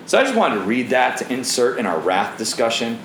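A man preaching and teaching from the Bible, asking the audience questions, his voice swinging from low and grave to high and excited. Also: brisk, reverberant, slight background noise, low-quality recording.

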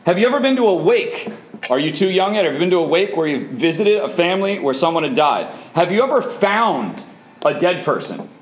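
Male preacher, high and animated, emphatic sermon delivery in a roomy hall. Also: slight background noise. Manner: emphatic, asks the audience rhetorical questions. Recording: echoey room.

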